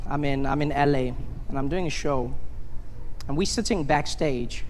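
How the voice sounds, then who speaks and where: A man's voice: medium pitch, normal speed. A man from South Africa with a South African accent, doing wry, conversational stand-up comedy. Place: live comedy venue. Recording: live stand-up in a reverberant hall, faint noise.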